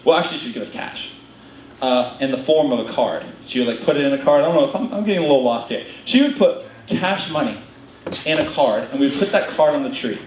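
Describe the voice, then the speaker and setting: A young man preaching a storytelling sermon in a worship hall, animated and given to interrupting himself and acting out family members. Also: medium pitch, quick pace, slight background noise. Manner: animated, self-interrupting storyteller who acts out family voices. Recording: echoey hall, heard from a distance, faint ambience.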